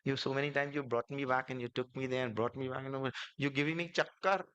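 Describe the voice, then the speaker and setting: A man voicing a gentle divine prince who teases the boatman with a mock complaint, within a sermon story. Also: medium pitch, steady tone, quick pace, smooth, natural voice. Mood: teasing.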